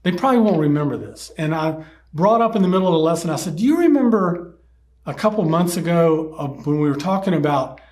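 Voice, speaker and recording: A man telling a story from teaching children, halting and repeating words, acting out the children's shouts in a higher voice. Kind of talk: storytelling talk.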